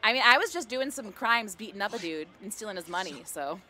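A woman's voice: medium pitch, lively intonation, fast. A woman streaming a game, chatting playfully with her chat, laughing often and greeting viewers with pirate-style ahoys. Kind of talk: casual live-stream chat while gaming.

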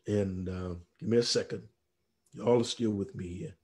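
A man preaching a Bible study sermon as pastor, fervent, swinging from near shouts down to a hush. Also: fairly low pitch, fairly even intonation, moderate pace, breathy edge. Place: church or ministry room.

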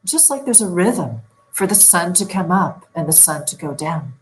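A middle-aged woman coaching viewers through a guided relaxation lesson for better sleep, giving slow, soothing instructions. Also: on the low side, animated, slight background noise, rough recording. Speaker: sleep and stress management coach.

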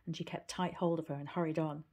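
Husky woman reading a storybook. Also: low-pitched, flat delivery, quick pace, darkish tone, lo-fi sound. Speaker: reader.

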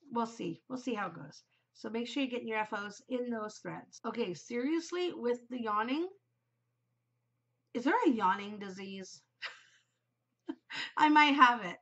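A woman's voice: mid-range voice, highs cut off. A woman in her forties hosting a knitting podcast in an upbeat, chatty way, her nose a bit stuffed from a cold. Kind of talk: casual chat.

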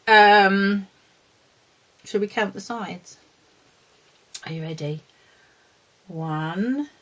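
A woman with a mid-range, fairly bright voice presents a children's lesson, speaking fondly to a puppet dog and to the young viewers. She laughs and sometimes scolds, and the recording quality is low.

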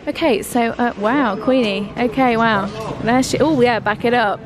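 A woman's voice: on the high side, moderate pace, music in the background. A young woman in casual vlog chat, bubbly and exclaiming often, filmed on a handheld camera in a warehouse. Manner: chatty, bubbly, lots of likes and exclamations. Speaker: vlogger. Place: beauty warehouse, indoors.

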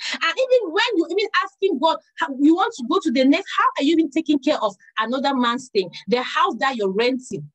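A middle-aged woman preaching a sermon, telling a personal story with lively quoted dialogue. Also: high-pitched, brisk, rough recording.

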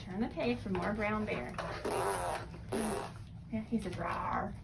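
A woman's voice: medium pitch, slow pace, creaky, heavy background noise. A woman talking in sing-song, encouraging baby talk to a young child at home, in a home video. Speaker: caregiver mother.

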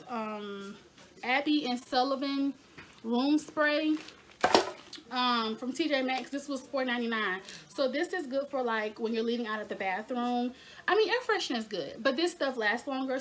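A young woman chatting casually in a home haul video, talking to her viewers as y'all. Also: high voice. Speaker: lifestyle vlogger.

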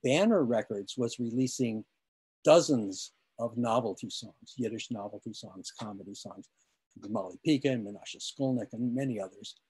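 A man's voice: mid-range voice, moderate pace, a little mellow, slightly rough. A man giving an online lecture about music history, explaining patiently with many fillers and restarts, and now and then humming a rhythm.

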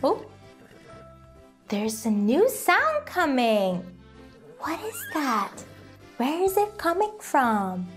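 Woman teacher for a toddler lesson. High, bouncy voice, extremely slow and drawn out, with faint music behind. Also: huge pitch swings. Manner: exaggerated, cheerful questioning, drawn-out words. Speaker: children's teacher. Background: faint background music.

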